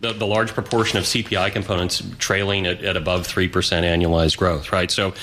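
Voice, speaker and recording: Deep-ish man, analytical news guest. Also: level tone, pushed and bright, slight background noise. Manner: measured, analytical, keeps checking in with "right?". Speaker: investment strategist guest. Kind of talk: live financial news interview. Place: broadcast studio.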